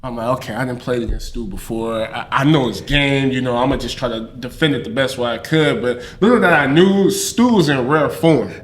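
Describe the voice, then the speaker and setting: A man's voice: mid-range voice, a little fast, few pauses. A man, a basketball coach, telling laughing, slangy stories in a casual panel chat. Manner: animated, laughing storyteller, slangy.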